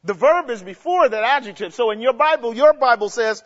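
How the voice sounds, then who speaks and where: Male preacher with a very high voice, leads the crowd with call-and-answer questions, recorded dull and lo-fi in a hall with long echo. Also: lively intonation, fairly quick. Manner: asks the congregation questions and has them answer; explains grammar step by step, with emphatic rises. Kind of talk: sermon teaching.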